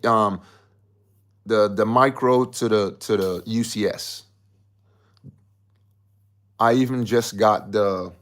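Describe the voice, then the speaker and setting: A man's voice: on the low side, fairly bright tone. A man hosting a casual livestream, rambling and chatty as he reads out viewer comments. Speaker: livestream host.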